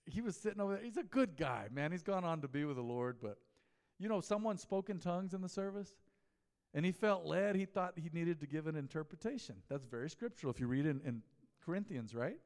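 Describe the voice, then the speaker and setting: A pastor delivering a relaxed mid-week sermon, his voice pitched a little high for a man. He talks like he's chatting with the congregation, telling stories and tossing questions out to them. The room carries a long reverb. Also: brisk. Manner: conversational, storytelling, asks the congregation questions. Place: church sanctuary.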